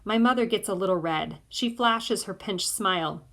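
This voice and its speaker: A woman narrating an audiobook in the first person of a boy, in a measured way. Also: mid-range voice, fairly bright tone.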